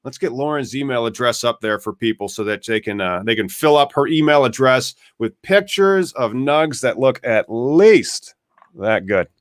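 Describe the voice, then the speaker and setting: A man's voice: mid-range voice, animated, moderate pace, dry recording. A man hosting a live podcast, chatting casually and wryly about news as it happens. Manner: chatty, wry, talks over tech trouble. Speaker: podcast host.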